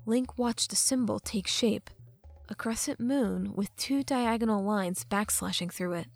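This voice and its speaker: A woman narrating a fantasy audiobook in a measured, expressive storytelling manner. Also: mid-range voice, vocal fry, dry recording. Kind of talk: scripted narration. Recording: dry close mic with faint music.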